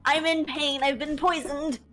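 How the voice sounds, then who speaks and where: A woman's voice: high voice, steady tone, measured pace, fairly bright tone, soft background music. A woman chatting with friends on a stream, sarcastic and playfully dramatic. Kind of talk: casual chat.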